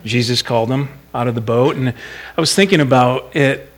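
A man's voice: medium pitch, normal speed. Reflective middle-aged man giving a devotional. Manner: conversational, reflective, thinking aloud. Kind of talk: informal Bible devotional.

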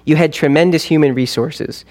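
A man's voice: on the high side, steady tone, moderate pace, a little mellow, close to an everyday voice. Solemn male divine judge, earnest and reproving, read by a man in his own voice.

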